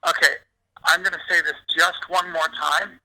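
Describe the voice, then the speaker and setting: A man's voice: a little high, flat delivery, normal speed, sharp tone, rough recording. A man in his forties speaking over the phone in an improvised comedy bit, flustered and exasperated, stammering as he restarts his sentences. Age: 40s. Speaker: comedian guest. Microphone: phone line.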